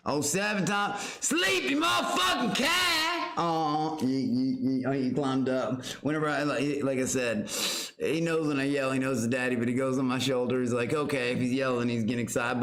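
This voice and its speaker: A man hosting a livestream, loud and excitable, swearing as he talks to his pet monkey and to chat. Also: mid-range voice. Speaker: livestream host. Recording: roomy echo, faint background noise.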